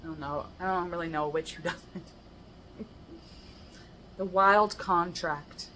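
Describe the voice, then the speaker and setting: Low-pitched American woman, poet doing a measured recitation of her own verse, drifting into loose laughing chat between poems. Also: steady tone, fairly bright tone, slight background noise, low-quality recording. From United States. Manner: measured rhyming recitation broken by chatty, laughing asides. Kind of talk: poetry reading with casual commentary.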